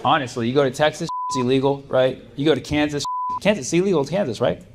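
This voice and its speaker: On a comedy club stage before a live audience, a young man does stand-up with crowd work, rambling loosely and leaning on "like" and "you know." He talks fast in a mid-range voice, and the live recording picks up crowd noise.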